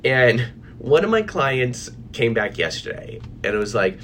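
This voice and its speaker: A man's unhurried, sing-song voice, mid-range and a bit bright, carries through slight background noise as he coaches on anxiety. Talking to viewers live from his office, he's casual and animated, with fillers and restarts.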